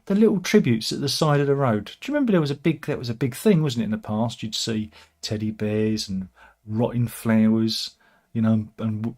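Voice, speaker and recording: A man's voice: on the low side, a little mellow. A man hosting casual satirical news commentary, sardonic and rambling, with chuckling asides. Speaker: host of a satirical news channel.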